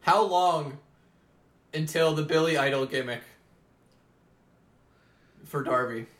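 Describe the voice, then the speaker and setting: A man chatting casually while watching wrestling, excited, swearing freely and laughing often. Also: fairly high pitch, slow, echoey room. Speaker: co-host watching a wrestling show.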